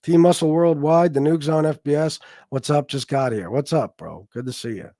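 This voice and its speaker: A man's voice: on the high side, moderate pace, dark tone, dry recording. A man hosting a livestream, ranting casually in a profane, boastful, taunting way. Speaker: livestream host.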